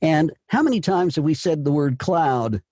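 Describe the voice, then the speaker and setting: A man with a mellow, slightly husky voice coaches a voice-over student, encouraging and often repeating words as he explains. The sound is close and dry, with no room around it. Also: fairly high pitch, expressive, moderate pace, dry recording. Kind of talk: coaching session.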